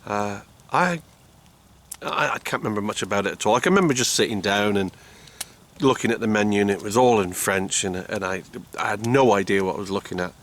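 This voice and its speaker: A man's voice: on the low side, a little fast, fairly bright tone. A man telling rambling stories outdoors in the woods, chuckling and repeating words as he goes. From United Kingdom. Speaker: outdoor vlogger. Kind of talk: casual storytelling to camera.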